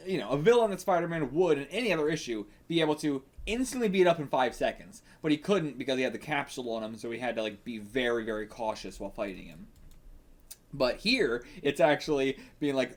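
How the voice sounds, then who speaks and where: A man's voice: mid-range voice, sing-song, a little fast. A man hosting a manga reaction video, talking casually to himself, swearing and laughing often.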